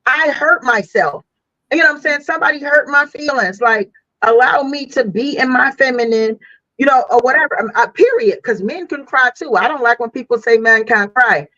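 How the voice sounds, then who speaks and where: Brief: mid-pitched woman, frank chatty podcast talk, dry muffled sound. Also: a little fast, a bit bright, no echo. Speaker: podcast co-host. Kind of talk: casual podcast chat.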